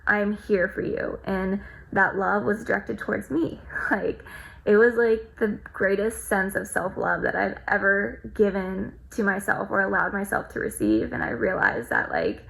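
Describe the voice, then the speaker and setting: A woman's voice: medium pitch, measured pace, vocal fry, fairly bright tone, low-quality recording. A woman vlogger sharing a personal experience in a reflective, heartfelt way, with lots of "like" fillers. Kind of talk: personal storytelling to camera.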